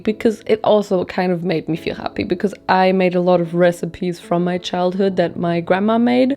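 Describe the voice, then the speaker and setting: Young woman, German accent, casual vlog chat, swears and laughs a lot, medium pitch, faint music behind. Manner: chatty, swearing, laughing a lot, jumping between loud and whispered asides. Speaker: vlogger and singer.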